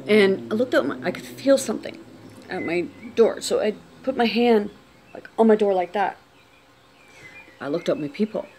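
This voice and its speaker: A woman telling a personal story on camera, unscripted, talking quietly with many restarts and trailing phrases. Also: mid-range voice, expressive, normal speed, pauses often.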